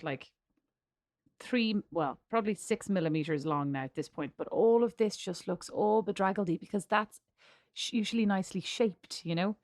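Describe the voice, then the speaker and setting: A chatty Irish woman in her thirties trades stories on a sisters' podcast, often poking fun at herself. Her voice sits at an ordinary pitch, recorded close and dry. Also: no room sound. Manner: chatty, self-mocking, laughs often. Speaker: podcast co-host. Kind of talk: casual chat between sisters.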